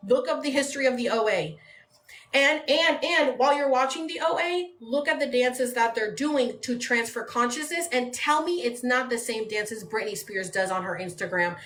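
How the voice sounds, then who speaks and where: A woman with a slightly high voice talks in a loose, rambling way on a phone livestream, filling her sentences with "like". Her voice bounces around an echoey room at home, with a faint hiss underneath. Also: a bit bright. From San Diego, California. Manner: rambling, conversational, uses "like" often. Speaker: livestream host. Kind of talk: casual livestream chat. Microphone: phone mic.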